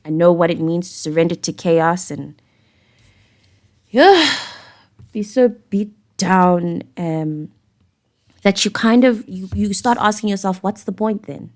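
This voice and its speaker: A woman's voice: fairly low pitch, animated, takes it slowly, pauses often, a little mellow. A woman with a South African accent giving a casual, rambling tarot reading, speaking candidly and swearing now and then. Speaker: tarot reader.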